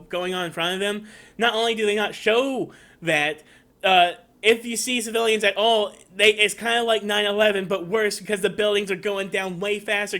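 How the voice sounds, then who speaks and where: A man's voice: sits high, pushed and bright. A man reviewing a movie trailer on his own channel in a rambling, emotional casual talk, getting teary at moments. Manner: rambling, emotional, tearing up at times.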